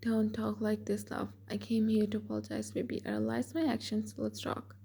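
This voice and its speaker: Pleading young boyfriend, soft and sorry, woman reading him, gravelly low tone. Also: little pitch movement, moderate pace. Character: cold young man, now pleading and remorseful.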